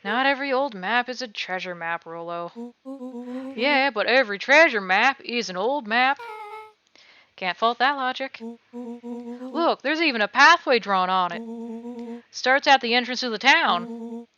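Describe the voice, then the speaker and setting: A woman streamer playing a game live, joking and reading characters' lines aloud in an animated way. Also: a little high, measured pace, long pauses, slight background noise. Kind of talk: livestreamed game playthrough, reading dialogue aloud. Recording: slightly dull stream audio. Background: game music.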